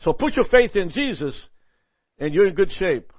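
A man teaching a Bible lesson in a lively sermon style, often asking "Amen?" and chuckling. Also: high voice, normal speed, no echo, highs cut off.

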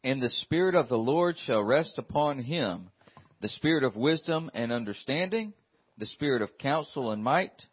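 A man reading Bible verses aloud at a steady, measured pace during a church class. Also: mid-range voice, slightly rough, muffled recording. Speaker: scripture reader in a church class.

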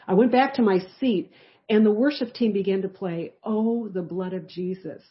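A woman's voice: mid-range voice, normal speed, dull audio. A woman teaching a live Bible study, telling a personal testimony in a conversational, storytelling way. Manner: conversational storytelling, lively shifts in loudness.

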